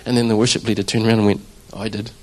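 The recording is rough as a lowish-voiced church drummer rattles off his testimony in rapid-fire fashion. Conversational and animated, he plays out his own reactions and the things he said for the congregation.

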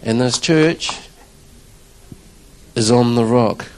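A church drummer shares a conversational testimony with his congregation, acting out his own reactions as he goes. His medium-pitched voice moves slowly, and the audio quality is poor. The storytelling is animated, full of acted-out quotes.

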